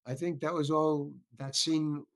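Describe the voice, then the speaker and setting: A man's voice: a little high, flat delivery, unhurried. An older man, an actor, telling rambling stories in a casual interview and acting out the other people's lines. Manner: rambling, many restarts. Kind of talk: casual storytelling.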